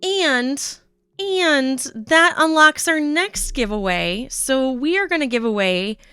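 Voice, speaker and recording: A woman hosting a live knitting stream, chatting casually with her viewers in an excitable way. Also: high voice, takes it slowly, no echo, soft background music. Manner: chatty, excitable, says "um" and "y'all" often.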